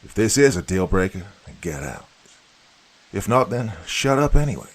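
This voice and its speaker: A man's voice: lowish voice, sing-song, moderate pace. A man voicing a stern, no-nonsense middle-aged mother who gives curt commands.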